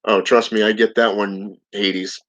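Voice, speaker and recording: A man's voice: fairly low pitch, flat delivery, measured pace, a bit bright. A man hosting his channel, reading viewer comments aloud in a casual live-stream chat and chuckling often. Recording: dull lo-fi audio.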